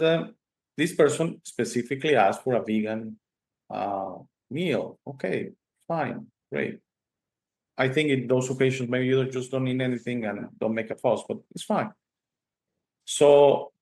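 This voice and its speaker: A man's voice: fairly low pitch, creaky. A male host with Spanish as his first language, telling stories emphatically and tagging sentences with "okay?". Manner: animated storytelling, frequent "okay?" tags, emphatic. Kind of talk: casual conversation.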